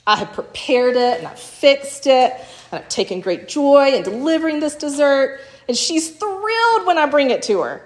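A woman with a high-pitched, sing-song voice delivers a church teaching talk at normal speed, telling stories with brief acted-out quotes and often asking "right?" Her sermon echoes through the room.

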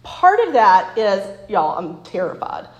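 A woman's voice: mid-range voice, sing-song, unhurried, darkish tone. A woman in her forties giving a casual, chatty Bible talk with stories, often laughing and asking "right?", recorded in an echoey room. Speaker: women's Bible study speaker.

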